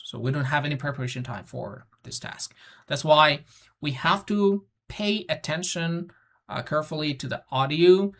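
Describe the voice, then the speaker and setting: Teacher, middle pitch, patient and repetitive, explains step by step with frequent fillers. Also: fairly bright tone. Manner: instructive, gives spoken examples. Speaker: English test-prep teacher. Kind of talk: explaining lesson to students.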